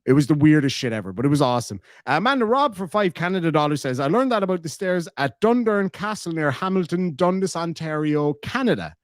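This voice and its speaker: A man's voice: on the high side, big pitch swings, quick pace, few pauses, dry recording. Rambling Irish man, dry close sound. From Ireland. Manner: rambling storyteller, swears freely. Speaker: streamer reading chat. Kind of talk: casual chat.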